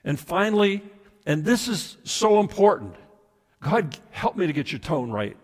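A man preaching a sermon as pastor, emphatic at times and then dropping to soft, intimate asides. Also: a little high. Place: church sanctuary. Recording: reverberant hall sound.

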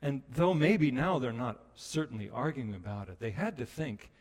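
A man preaching a sermon as a pastor, telling the story with animated delivery and acting out the voices of people he quotes. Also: mid-range voice, moderate pace, big-room sound.

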